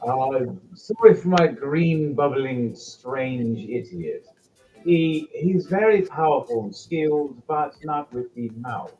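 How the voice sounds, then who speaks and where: A man voicing a polite elf diplomat who speaks formally and apologetically, at a deliberate pace. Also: mid-range voice, expressive, mellow, dull audio, soft background music, pitched above the performer's own voice. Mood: pleading. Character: polite elf diplomat, male, smooth-talking.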